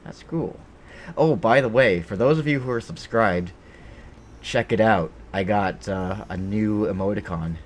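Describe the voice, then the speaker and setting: A man's voice: fairly low pitch, unhurried, a little hiss or hum. A man chatting casually with his live-stream viewers while playing a game, rambling and joking with the chat.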